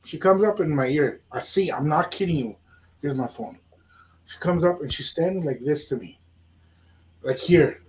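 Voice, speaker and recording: Animated man telling a story. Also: on the high side, normal speed, pauses often. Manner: animated, acts out quoted dialogue. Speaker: radio show host. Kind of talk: casual storytelling chat.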